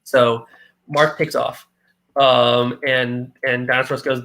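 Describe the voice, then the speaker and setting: Gravelly, bright-voiced man recapping comics. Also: mid-range voice, flat delivery, slow, low-quality recording. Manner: retells plot with quoted character lines, laid-back. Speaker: podcast co-host. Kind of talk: casual comic book recap.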